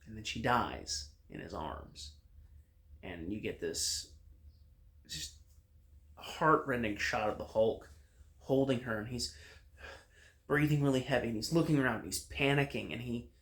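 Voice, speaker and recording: A man's voice: medium pitch, expressive, unhurried, long pauses, fairly bright tone. Casual male TV reviewer recapping a plot. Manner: recaps the plot with frequent fillers and restarts.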